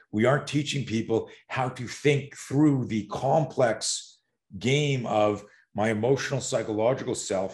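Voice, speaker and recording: This man in his sixties has a low-pitched voice. He is an animated guest who tells stories with profanity. He acts out quoted lines as he goes. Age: 60s. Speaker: self-defense expert guest. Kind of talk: podcast storytelling.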